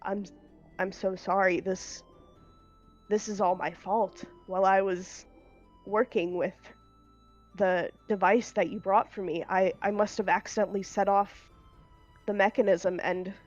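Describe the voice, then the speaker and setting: A woman's voice: medium pitch, steady tone, unhurried, pauses often, dull audio, faint music behind, close to an everyday voice. A woman voicing a weak, injured old male librarian who speaks apologetically between coughs.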